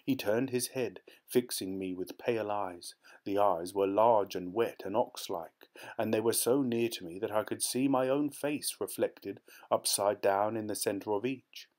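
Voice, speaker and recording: A man reading a short story aloud as an audiobook narrator, in a measured storytelling manner. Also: fairly low pitch, a little mellow. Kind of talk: scripted narration.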